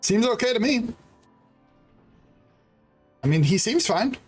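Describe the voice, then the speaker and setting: A man's voice: very high voice, big pitch swings, takes it slowly, slightly rough, soft background music. A man commenting live on a game stream, joking and laughing often while reading game text aloud.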